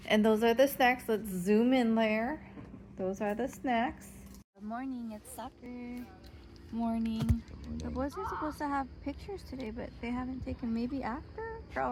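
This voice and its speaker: A woman's voice: a little high, background noise. A woman in her thirties chatting casually to a phone camera at home, laughing often and teasing playfully. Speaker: vlogger. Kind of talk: casual family vlog. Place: family home.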